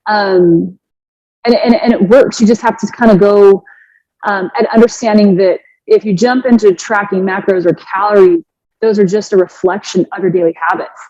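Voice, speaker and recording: An earnest woman in her forties tells her story as a fitness coach, animated and full of restarts. Her voice sits in the middle range. The recording is close and dry, with a slightly dull, muffled tone. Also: mid-range voice, moderate pace, dry recording. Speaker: fitness coach and podcast guest. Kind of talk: emotional personal storytelling.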